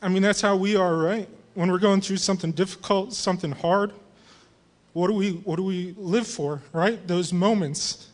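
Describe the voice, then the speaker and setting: Man, high voice, youth group leader, casual humorous farewell speech, church setting.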